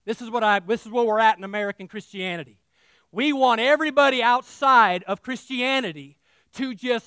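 High-voiced, impassioned male pastor preaching. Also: animated, normal speed, clean tone, dry recording. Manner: passionate, swings from shouting to hushed; folksy and emotional. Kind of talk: sermon.

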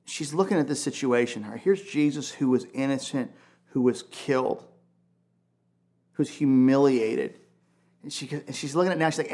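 A man's voice: medium pitch, moderate pace, darkish tone. A male pastor preaching in a conversational, emphatic way, full of casual asides. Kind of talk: sermon.

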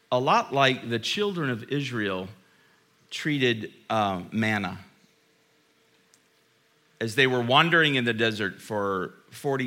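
A pastor with a medium-pitched voice preaches a sermon in church. He's chatty and self-deprecating, telling stories and sinking into a hushed, earnest tone.

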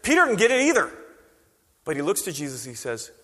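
Male pastor, conversational sermon, fairly high voice, long hall echo. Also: a little fast. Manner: conversational, animated preacher who acts out quoted voices.

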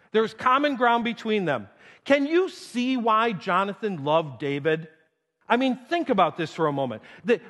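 A man delivers a sermon in a church with a high voice that swoops up and down. He is playful and animated and acts out the scripture he reads. The voice rings with the long reverb of a large hall. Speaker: pastor. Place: church sanctuary.

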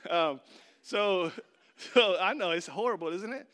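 A man preaching in a high, bright, ringing voice. He tells his story with a lot of life, acts out other people's voices and sometimes shouts. He talks straight to the congregation. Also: measured pace, clear, resonant tone. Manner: addresses the audience directly. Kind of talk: sermon with storytelling.

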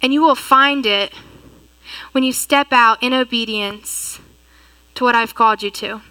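A young woman giving an earnest, animated personal testimony as a sermon. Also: a little high, measured pace, no echo, poor audio. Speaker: youth leader giving a sermon talk.

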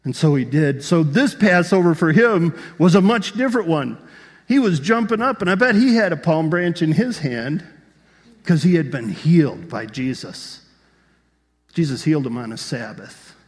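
Preaching as a pastor, this man has a fairly high pitch and an animated delivery at normal speed. He brings the story to life and asks his listeners rhetorical questions. A large hall lends the recording a long reverb.

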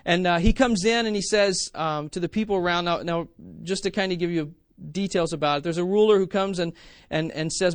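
A man giving an informal sermon in a conversational way, with many restarts and fillers, dropping to a quiet plea when he quotes. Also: high-pitched, normal speed, no echo. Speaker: preacher.

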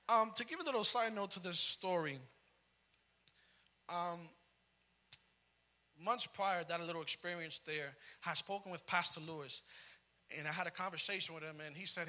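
A man in his thirties preaching a comic personal story, animated and dropping in Spanish phrases. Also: high-pitched, moderate pace, long pauses. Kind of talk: storytelling sermon.

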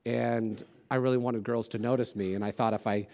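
A man's voice: medium pitch, fairly even intonation, brisk, a little mellow. A man preaching a sermon as a pastor, casual and conversational, with self-deprecating jokes and lots of "like" and "you know".

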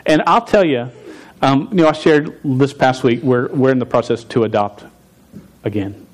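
A man in his forties telling a story in a sermon, animated, stumbling and restarting his words as he goes. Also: fairly high pitch, normal speed. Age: 40s. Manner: stuttering with frequent restarts. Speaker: pastor.

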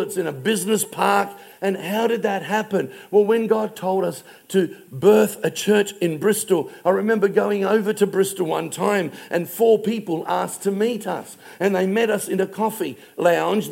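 A middle-aged male pastor preaching a sermon in a church, telling stories emphatically and slowing down on key phrases. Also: sits high, gravelly.

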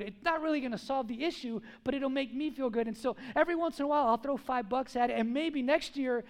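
A man preaching a sermon to his church, animated and full of rhetorical questions. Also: very high-pitched, fairly quick, hardly any pauses. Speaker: pastor. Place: church service.

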